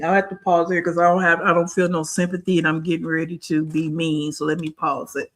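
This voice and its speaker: A woman hosting a reaction video, pausing the clip to deliver blunt, mocking, profane commentary. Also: low voice, level tone.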